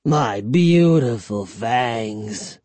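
A man voicing an ancient, withered male vampire who speaks in a slow, drawn-out murmur for an audiobook. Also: mid-range voice, animated, a little mellow, no room sound, pitched below the performer's own voice. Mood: mournful. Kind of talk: audiobook reading.

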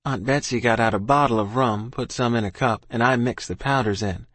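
A man narrating a story in first person, in an earnest, steady manner. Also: mid-range voice, a little fast, no echo. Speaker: audiobook narrator.

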